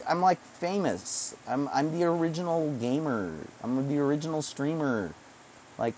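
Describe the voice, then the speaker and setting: A man talks to his viewers in a loose, rambling monologue with heavy profanity and self-mocking jokes. He speaks slowly at a middling pitch. Faint noise sits behind him. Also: a little mellow. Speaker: streamer. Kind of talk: casual livestream monologue.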